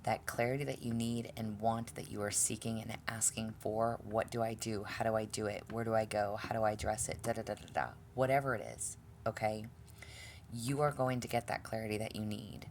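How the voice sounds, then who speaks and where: A woman with a very deep, low voice gives a casual tarot reading straight to camera. She talks bluntly and with exasperation, swears freely, and trips over her own sentences. A faint hiss sits under the recording. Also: level tone, brisk, a little mellow. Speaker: tarot reader.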